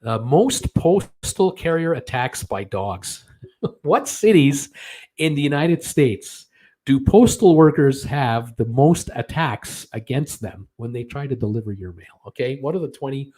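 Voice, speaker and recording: A man's voice: medium pitch, expressive, a little slow, mellow. Chatty man hosting a trivia livestream. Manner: chatty, many "uh" fillers, chuckles at his own jokes. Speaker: host of a live cruise news and trivia stream. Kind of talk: casual live-stream chat reading viewer comments.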